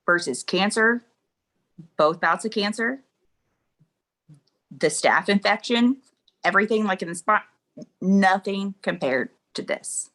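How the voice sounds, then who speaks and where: Middle-aged woman w/ a gravelly edge, candid storytelling, laughs thru it. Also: medium pitch, expressive, measured pace, long pauses, a bit bright. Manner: candid, laughs through her stories. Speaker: interview guest. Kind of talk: emotional personal storytelling.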